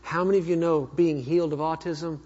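A traveling minister telling a story in a sermon, animated and acting out the dialogue, with a husky voice. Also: male voice, on the high side, brisk. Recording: dull lo-fi recording.

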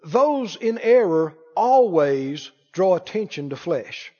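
Male preacher, high and very animated delivery, emphatic, quizzes the congregation. Muffled hall recording. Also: slow pace. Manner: emphatic, questions the congregation, quotes scripture. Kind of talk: sermon.

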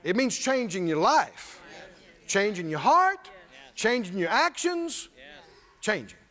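A man's voice: sits high, big pitch swings, slow pace, pushed and bright. A man preacher delivering a sermon with call-and-response and humorous, folksy storytelling. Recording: reverberant church hall.

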